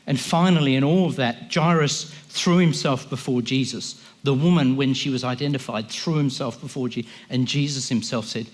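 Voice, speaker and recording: A man's voice: medium pitch, moderate pace, few pauses. A man giving an impassioned, emphatic sermon as a guest speaker, often voicing the people he quotes.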